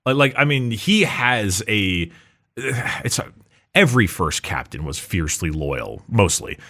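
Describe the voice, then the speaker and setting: A man's voice: lowish voice, expressive, measured pace, pushed and bright. A man in casual podcast chat, rambling with lots of fillers and restarts, laughing often. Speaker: podcast co-host.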